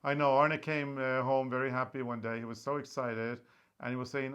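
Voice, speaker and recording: A man from Norway co-hosting a podcast in casual chat, brisk and teasing as he leads the talk. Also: medium pitch, level tone, fairly bright tone, smooth, lo-fi sound. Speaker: podcast co-host.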